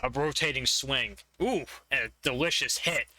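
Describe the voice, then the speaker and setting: Bright-voiced man running a tabletop game. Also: medium pitch, normal speed, no echo. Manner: laughing often, vivid descriptions. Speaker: game master.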